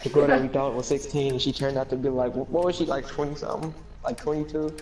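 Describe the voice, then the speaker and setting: A man's voice: medium pitch, flat delivery, fast, noisy background. A man chatting on a game stream, telling laid-back stories to his friends. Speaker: stream guest. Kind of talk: casual chat over a game stream. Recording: distant mic.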